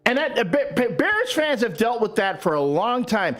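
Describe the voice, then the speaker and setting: Teasing male radio co-host, lively pitch. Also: moderate pace. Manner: teasing, mocking rival fans in exaggerated put-on voices. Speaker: radio morning show co-host. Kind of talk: casual on-air banter. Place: radio studio.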